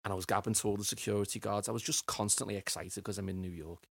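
Husky gravelly man reminiscing. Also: on the low side, steady tone, fast talker, no room sound. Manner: rambling, repeats words while finding them. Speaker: podcast guest. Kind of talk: personal storytelling interview.

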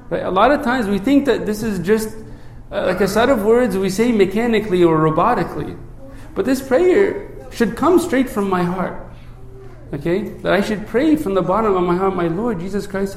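A male priest giving a conversational sermon. He often checks in with "right?", repeats words as he restarts phrases, and drops low and soft when he recites the prayer. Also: reverberant.

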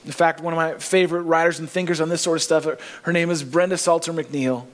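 Male pastor mid-sermon in church, earnest, lifts his voice on key phrases; a somewhat higher voice. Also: steady tone, quick pace. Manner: earnest preaching, rising emphasis on key phrases.

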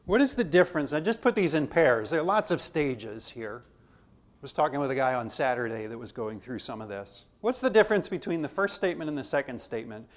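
A man's voice: medium pitch, animated, a little fast. A man teaching a theology class, talking conversationally and acting out dialogue from his own stories. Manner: conversational, acts out dialogue in anecdotes. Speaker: theology lecturer.

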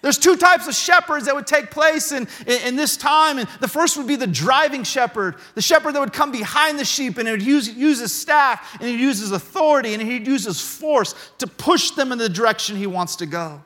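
A male pastor telling a story in his sermon, animated and building to shouted emphasis. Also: very high-pitched, brisk, few pauses, in a large hall.

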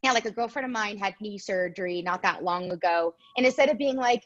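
A woman's voice: mid-range voice, brisk, dull audio. A woman talking in a casual chat as a guest, telling stories animatedly and acting out what others said. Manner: animated storyteller, quotes others in voices.

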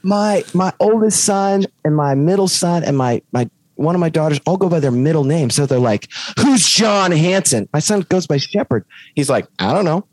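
A podcast co-host in their thirties in casual chat, telling a lively story and acting out quotes. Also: mid-range voice, moderate pace, hardly any pauses, no echo.

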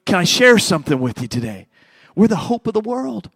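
A man's voice: high-pitched, very animated, fairly quick, creaky, no echo, faint music behind. Fervent preacher man with dry sound. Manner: passionate preaching, swinging from loud to hushed. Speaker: pastor. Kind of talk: sermon.

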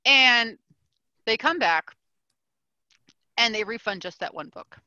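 Woman ranting on a podcast, lots of "like", bright voice, kinda dull lo-fi audio. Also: on the high side, slow pace, dry recording. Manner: animated ranting with lots of "like" and swearing. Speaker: podcast co-host. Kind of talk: casual chat, storytelling.

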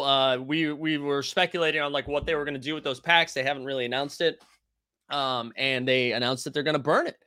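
Man hosting a live stream, forceful bright voice, dry close sound, talks loud and animated, reads chat. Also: fairly high pitch, dry recording. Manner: loud, animated, yells often; reads and answers chat comments. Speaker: host of a basketball live stream.

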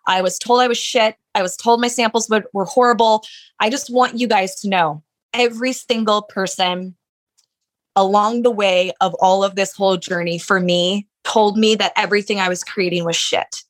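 A woman's voice: medium pitch, fairly even intonation, moderate pace. A woman business owner telling her story in a casual interview, chatty and candid, with many "like" fillers. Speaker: handbag designer, business owner.

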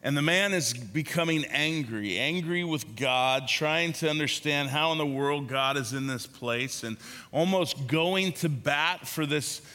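A man preaching a sermon as a pastor, speaking in slow, pausing phrases that trail off softly at the ends. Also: on the high side, in a large hall.

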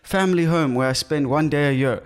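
A man's voice: on the high side, fairly quick, clear, resonant tone, natural voice. A man putting on a showy middle-aged team boss who performs for the cameras in a bossy way. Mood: mock-boastful.

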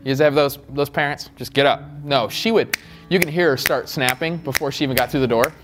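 A male pastor preaching in a middle-pitched voice, easygoing and humorous as he talks to his congregation, then swelling into fervent, repeated calls. Faint music plays under his words. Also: brisk. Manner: conversational and joking, building to fervent repeated calls. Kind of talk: sermon.

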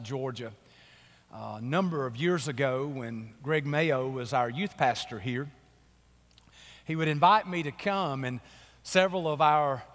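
A man preaching a sermon in church, a little hoarse from a cold, telling folksy stories that build into emphatic preaching. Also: fairly high pitch, a bit bright. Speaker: pastor. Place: church sanctuary. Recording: long reverb of a church hall.

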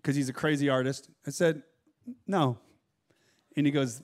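A middle-aged man preaching a sermon, telling personal stories in an animated way with frequent laughs. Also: mid-range voice, moderate pace. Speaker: pastor.

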